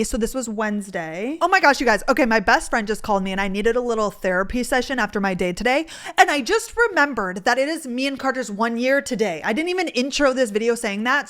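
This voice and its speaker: A woman's voice: on the high side, fairly bright tone. A young woman telling a dating story in a casual, rambling way, with lots of "like" and gushing asides. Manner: gushing, rambling, filler-heavy with frequent "like". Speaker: vlogger.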